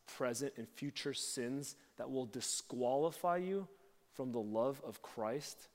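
A preacher in a reverberant hall. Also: male voice, medium pitch. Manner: animated, acts out quoted voices, talks to the congregation. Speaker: pastor. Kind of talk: sermon. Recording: long reverb of a large hall.

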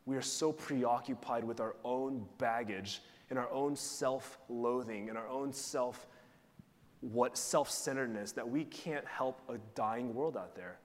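A man's voice: medium pitch, measured pace. A man giving a sermon as pastor, preaching in a conversational way and putting questions to the congregation. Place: church sanctuary. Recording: long reverb of a large hall.

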